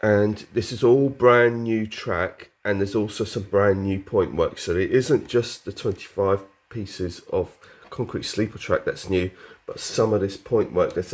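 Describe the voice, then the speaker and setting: A man with a very low, hoarse voice, still getting over a cold. He talks casually to camera, rambling with plenty of ums and restarts. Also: darkish tone. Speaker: model railway vlogger.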